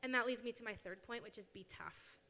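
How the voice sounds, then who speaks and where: A young woman gives a casual, lively church talk and acts out little quotes as she goes. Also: on the high side, fairly quick. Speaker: youth speaker at church. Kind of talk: sermon talk. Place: church hall. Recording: long hall reverb.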